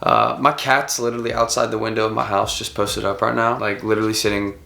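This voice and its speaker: A young man with a sick-sounding voice, excitedly rambling in slang through a casual unboxing vlog. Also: fairly low pitch, fast, creaky. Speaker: vlogger.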